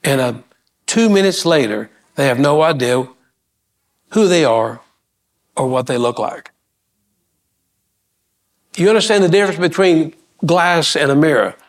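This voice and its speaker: A man's voice: on the high side, animated, a little slow, pauses often. A middle-aged man preaching a sermon, building emphasis and asking the congregation questions, with folksy asides and repeated words. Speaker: pastor.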